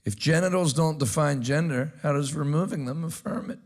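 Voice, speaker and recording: Gravelly American man riffing on news. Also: fairly high pitch. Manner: wry, quick quips between clips. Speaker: pastor and show host. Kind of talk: casual news commentary.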